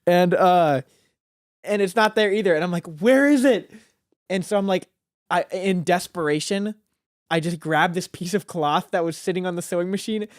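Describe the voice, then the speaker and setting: A man's voice: high-pitched, steady tone, normal speed, no echo, clean studio sound. A teenage man, a podcast guest, telling a rambling story in casual chat with plenty of filler words. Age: teens.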